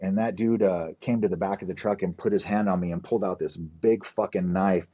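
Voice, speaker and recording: A man from New Mexico, a podcast guest, tells a story in a low, husky, mellow voice. He rambles and swears, leaning on "like" and "you know." The recording sounds slightly dull and muffled. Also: fairly even intonation, a little fast. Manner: acts out quoted people in his story. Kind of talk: casual storytelling.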